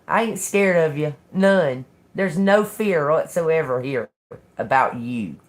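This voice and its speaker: An older woman giving a live-stream tarot reading in a slow, profane, confrontational manner. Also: low voice, animated. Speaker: tarot reader.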